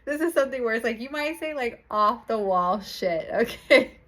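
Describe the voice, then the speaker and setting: A woman's voice: a little high, expressive, normal speed, fairly bright tone. Chatty young woman reading tarot. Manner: chatty, laughs often, swears casually. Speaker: tarot reader. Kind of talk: casual tarot reading to camera.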